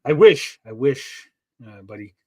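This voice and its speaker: A man's voice: mid-range voice, very animated, measured pace. A man hosting a casual livestream, rambling and joking as he reads out chat messages. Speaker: livestream host.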